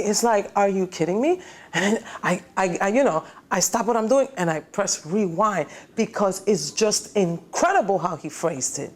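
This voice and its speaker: A woman's voice: mid-range voice, normal speed. A woman singer in a documentary interview, speaking animatedly and singing bits of lyrics. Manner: animated, sings lyric snippets while explaining. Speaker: singer, daughter of a singer.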